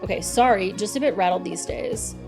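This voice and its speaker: A woman's voice: medium pitch, a little fast, darkish tone, soft background music. A woman streaming a game live, chatting and thinking aloud with many fillers.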